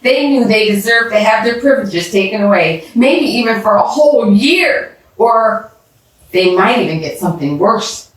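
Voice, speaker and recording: A woman telling a children's bedtime story aloud, expressively, pausing to ask the listening children questions. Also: a little high, expressive. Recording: echoey room, distant mic.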